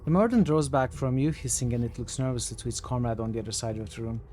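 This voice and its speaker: A man streaming a role-playing game, reading the game's narration aloud and thinking out loud between choices. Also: quick pace, soft background music. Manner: thinks aloud, reads narration in a lower, quieter voice. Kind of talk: reading game text aloud and commenting casually.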